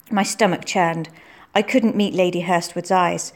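A woman narrating a storybook in a steady, clear reading voice. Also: lowish voice, a little slow.

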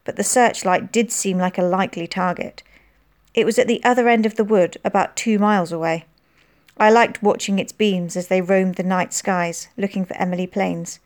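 Expressive woman reading a children's novel. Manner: expressive, voicing dialogue with lifted pitch. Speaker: audiobook narrator. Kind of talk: scripted narration of a children's novel.

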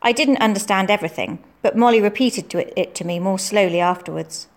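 A woman's voice: medium pitch, a little fast. Woman reading a story aloud. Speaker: narrator. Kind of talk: storybook narration.

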